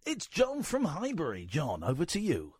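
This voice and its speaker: A middle-aged man hosting a phone-in radio show, teasing and sarcastic, quick to cut callers off. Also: fairly high pitch, huge pitch swings, darkish tone, husky, dry recording, studio quality. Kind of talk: casual radio banter.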